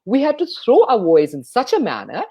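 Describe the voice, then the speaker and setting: Expressive woman speech coach. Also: slight background noise. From India. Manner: expressive, plays up pitch and pauses. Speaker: guest, speech coach and radio jockey. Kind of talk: enthusiastic interview talk.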